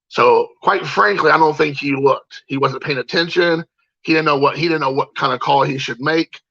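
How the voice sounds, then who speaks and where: A man talks through a personal story in a loose, casual monologue, stopping often for "uh" and restarting his sentences. His voice has a bright, forward edge, and the sound is dry and a little dull. He stays at an ordinary pitch for a man. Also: moderate pace, dry recording. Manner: rambling, many fillers and restarts. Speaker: parent telling a personal story.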